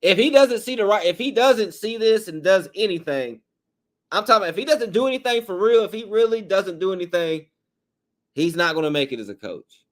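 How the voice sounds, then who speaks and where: Man, high voice, slightly hoarse, blunt, frustrated podcast rant. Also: animated, brisk. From Tennessee, USA. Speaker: sports podcast host. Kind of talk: fan rant.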